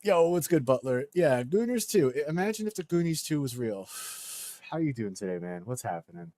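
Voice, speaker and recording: A man's voice: mid-range voice, sing-song, normal speed, dark tone, no room sound. Joking man streaming a speedrun. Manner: loose and joking, chatting with viewers. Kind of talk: casual live-stream chat.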